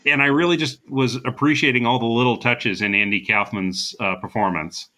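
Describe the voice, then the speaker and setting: Bright-voiced male podcast co-host. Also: medium pitch, fairly even intonation, moderate pace. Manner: chatty, recapping with frequent fillers and laughs. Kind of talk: casual chat.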